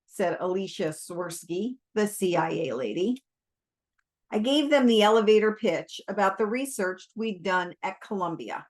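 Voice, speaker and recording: A woman reading a novel aloud in a calm, measured narrating voice. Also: medium pitch. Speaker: reader. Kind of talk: audiobook reading.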